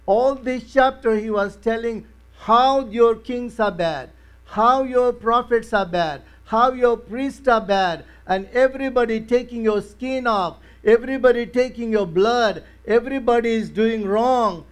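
Pastor, male, high voice, emphatic repetitive preaching. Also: measured pace, clean tone. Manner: emphatic preaching with repeated phrases. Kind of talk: sermon.

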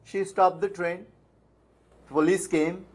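High-voiced man preaching a sermon. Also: fairly even intonation, slow. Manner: emphatic, asks questions and answers them himself; repeats phrases for stress. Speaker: pastor. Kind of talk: sermon with Bible reading.

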